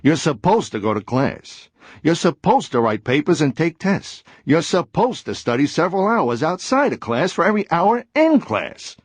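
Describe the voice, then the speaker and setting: A man's voice: fairly high pitch, big pitch swings, moderate pace, dry recording. A man voicing a chatty cartoon word character who is weary of life's duties and talks in a confiding, sighing way in an educational cartoon.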